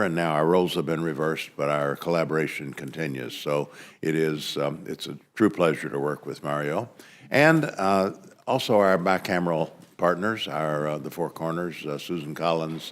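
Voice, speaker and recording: Very deep-voiced, halting committee witness. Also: male voice. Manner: halting, hesitant, many fillers and restarts. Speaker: subcommittee chairman testifying. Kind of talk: formal committee testimony. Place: committee hearing room.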